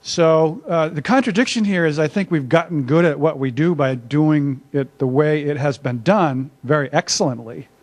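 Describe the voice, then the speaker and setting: Moderately paced with few pauses, an older man's fairly high voice leads a workshop presentation in a conference room. This academic speaker is conversational and self-deprecating, frequently saying "uh."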